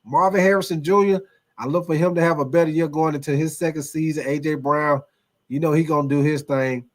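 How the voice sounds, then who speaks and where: A man's voice: fairly high pitch, fairly even intonation, a little fast. Laid-back man hosting a sports stream. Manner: loose, repetitive, swears and laughs often. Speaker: livestream sports show host reading chat. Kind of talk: casual chat.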